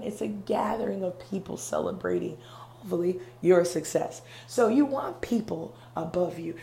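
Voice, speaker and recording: A woman speaks in an earnest, conversational motivational talk, often checking in with her listeners and sometimes dropping to a soft whisper. Her voice has a gravelly edge. The room sounds roomy, with a faint hum behind her. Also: mid-range voice. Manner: earnest, conversational, frequent "okay?" and "right?" check-ins. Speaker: podcast host. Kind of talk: motivational monologue.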